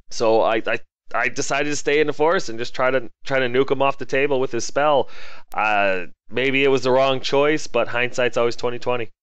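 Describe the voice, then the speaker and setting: A wargaming narrator voices a casual battle report, going through a tabletop battle turn by turn in a chatty, self-deprecating way, then bursting into comic, exasperated rants. His smooth, clear, medium-pitched voice is fairly bright. It is close-miked in a dry space, giving a slightly dull, lo-fi sound.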